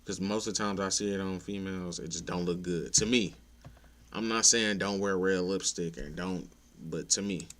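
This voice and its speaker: A young man talks in a deep, low voice. He runs through a list of his pet peeves in a laid-back, profane way. Now and then his voice climbs in exasperation. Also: steady tone, moderate pace, fairly bright tone, slight background noise. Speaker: content creator ranting to viewers. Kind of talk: casual opinion rant.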